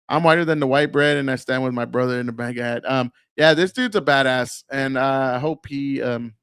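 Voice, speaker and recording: A man's voice: mid-range voice, a bit bright, clean tone, no room sound, clean studio sound. Blunt, profane American man hosting a stream. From United States. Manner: blunt and profane, laughs often. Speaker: live stream host. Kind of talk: political commentary on a live stream.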